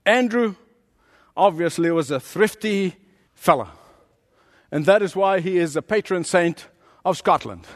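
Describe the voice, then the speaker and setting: A male pastor preaching a sermon in a dramatic way, swinging from booming lines to hushed ones. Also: expressive, unhurried, pauses often, long reverb tail.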